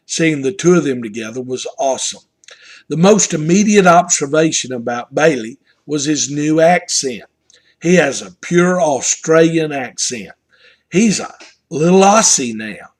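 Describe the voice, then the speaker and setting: An older man with a Southern US accent, telling a family story and drawing a devotional lesson from it in an earnest, homespun way. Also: medium pitch. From Southern United States. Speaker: pastor. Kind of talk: devotional message.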